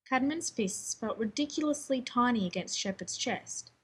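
A woman narrating a fan fiction audiobook in a brisk, wry storytelling manner. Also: on the high side, lively intonation, slightly rough. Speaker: reader.

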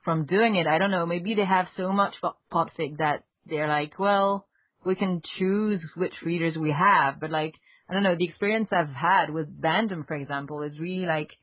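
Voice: mid-range voice, brisk, hardly any pauses, dry recording. A non-native English speaker in a casual podcast chat, talking hesitantly with lots of fillers and restarts. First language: not English. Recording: dry tinny phone-like audio.

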